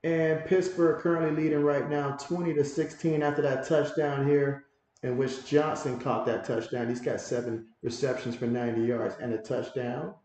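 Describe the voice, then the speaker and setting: A man hosting a livestream, giving casual play-by-play commentary and reading viewer comments aloud with excitable reactions. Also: mid-range voice, normal speed, a little hiss or hum. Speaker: livestream host doing play-by-play. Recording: very echoey room.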